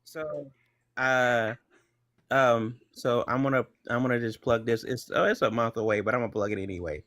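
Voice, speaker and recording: A man's voice: mid-range voice, moderate pace, a bit bright, no echo. A man on a wrestling talk panel, plugging his next show in a loose, rambling way with many fillers. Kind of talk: casual panel chat.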